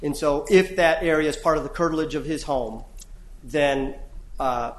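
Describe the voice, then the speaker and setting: A man's voice: fairly high pitch, moderate pace, roomy sound, a little hiss or hum, rough recording. A man arguing an appeal before judges, earnest and often restarting his phrases. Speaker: appellate lawyer. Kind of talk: courtroom oral argument. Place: courtroom.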